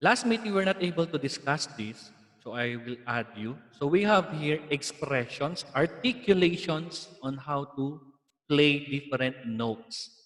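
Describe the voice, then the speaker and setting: A man's voice: on the high side, expressive, measured pace, fairly bright tone. Filipino man teaching music, echoey. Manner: explaining patiently, mixing in Tagalog asides. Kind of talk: online music lesson.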